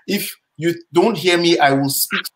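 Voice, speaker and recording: Man, Nigerian accent, slightly high voice, emphatic, proud, panel guest, acts out both sides of his stories. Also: a little slow, fairly bright tone, low-quality recording. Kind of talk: live panel discussion.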